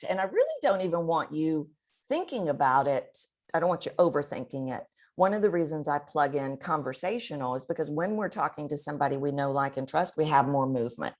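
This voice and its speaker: Low voiced woman voice coach, expressive, shows off the tricks as she goes. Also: moderate pace. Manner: expressive, demonstrates vocal techniques. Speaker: voice coach guest. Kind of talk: expert advice in an interview.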